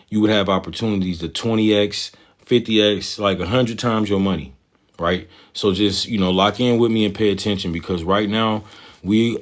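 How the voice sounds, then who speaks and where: A man with a somewhat low voice hosts a livestream, talking straight to his viewers. His delivery is loose and conversational, full of slang and repeated phrases. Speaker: livestream host, trading commentator. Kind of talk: casual livestream talk to viewers.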